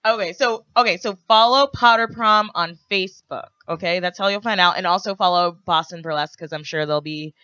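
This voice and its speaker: A woman comedian chatting as a guest on a live radio show, quick to laugh and talkative. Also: fairly low pitch, pushed and bright, clean tone, no room sound, dull audio. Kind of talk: casual radio interview chat. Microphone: studio microphone.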